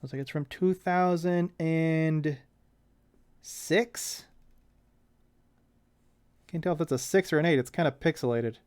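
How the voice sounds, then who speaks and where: A young man reading a comic aloud with joking asides, doing quick voices for the characters as a casual commentator. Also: on the high side, a little mellow, smooth, no room sound, studio quality.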